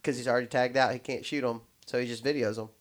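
A man's voice: medium pitch, fairly even intonation, fast talker. A man in casual podcast chat, talking in loose, rambling sentences full of restarts and fillers.

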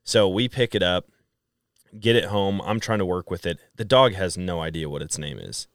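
Deep-voiced man telling a lively story. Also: normal speed, no room sound, clean studio sound. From Wisconsin. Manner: animated storyteller acting out quoted dialogue. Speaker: podcast guest. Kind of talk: casual storytelling chat.

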